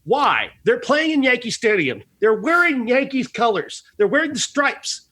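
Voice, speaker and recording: A man's voice: very high-pitched, sing-song, moderate pace, pushed and bright. A man co-hosting a movie review podcast, ranting with swearing and frequent laughter. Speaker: podcast co-host. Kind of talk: casual movie review chat.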